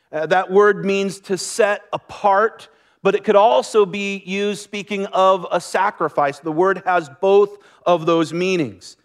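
High-voiced earnest male preacher. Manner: earnest, conversational preaching with light laughs. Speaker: pastor. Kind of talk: sermon.

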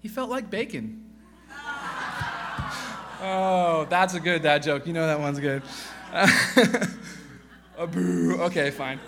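A man in his thirties, a guest pastor, preaching a casual sermon full of jokes, fillers and restarts, quieter in prayer. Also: a little high, fairly even intonation, slow pace, vocal fry, over music.

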